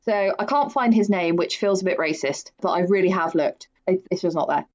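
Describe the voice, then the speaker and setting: A woman's voice: on the low side, brisk, a little mellow, highs cut off. Chatty woman podcaster. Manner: chatty, with frequent fillers and laughs. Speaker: podcast co-host. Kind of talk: casual true crime podcast chat.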